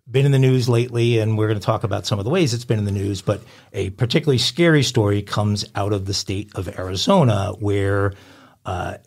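A man's voice: fairly low pitch, fairly quick, gravelly, darkish tone. A man co-hosting a crime podcast, reading news stories aloud with frequent uhs and casual asides. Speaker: podcast co-host.

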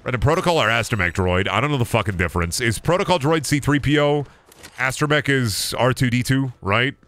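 A man streams a video game live, rambling, interrupting himself, and mocking his chat and opponents with plenty of swearing. His voice is medium-pitched, a bit bright, and a little fast.

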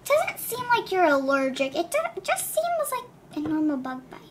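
A woman voicing a gentle, cheerful school nurse doll who reassures a hurt child. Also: very high voice, wildly swooping pitch, moderate pace, a little hiss or hum, exaggerated voice. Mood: reassuring. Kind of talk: doll play narration.

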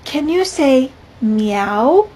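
An older woman voicing a bossy, exasperated cat in a storybook read-aloud, loud and emphatic, with a husky voice. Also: sits high, lively intonation, extremely slow, voice pushed up, full character voice. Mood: insistent. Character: bossy cat insisting everyone meow.

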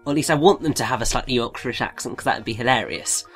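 A man's voice: medium pitch, very fast, soft background music. An English man chatting casually while commentating a puzzle game playthrough, explaining British references. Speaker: let's play commentator. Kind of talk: casual gaming chat.

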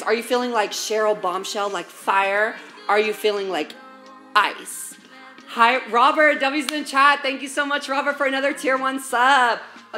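A woman's voice: a little high, pushed and bright. A woman live-streaming as she cooks, chatting casually and sassily with viewers, swearing a lot and calling them baby and girl. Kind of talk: casual live-stream chat while cooking. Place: home kitchen. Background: faint music.

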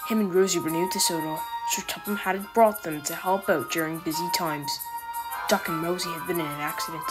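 A woman narrating a children's storybook with calm, even storytelling. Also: lowish voice, a little fast. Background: background music.

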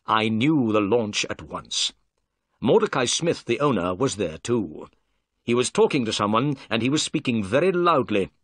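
A man voicing a confident, clever detective in a read-aloud story, brisk and commanding. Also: lowish voice, no echo.

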